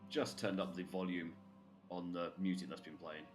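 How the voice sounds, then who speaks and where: Very low-pitched, easygoing player. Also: level tone, moderate pace, faint music behind. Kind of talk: casual tabletop play.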